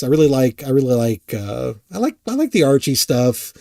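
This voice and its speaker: A man casually answering chat on a live stream, rambling and halting, often self-deprecating. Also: mid-range voice, big pitch swings, vocal fry, mellow, no room sound, studio quality.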